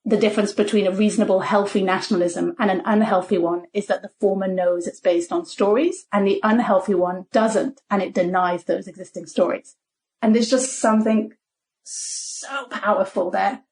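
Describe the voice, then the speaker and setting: A woman who grew up in Belgium, co-hosting a podcast in quick, animated casual conversation. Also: medium pitch. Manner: quick, animated, asks questions. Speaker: podcast co-host.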